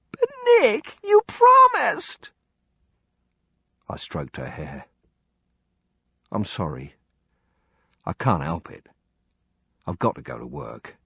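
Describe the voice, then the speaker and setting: A man's voice: deep voice, gravelly, breathy edge, no room sound. A man narrating a first-person audiobook in a plain, blunt, conversational way. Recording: dull lo-fi dry recording.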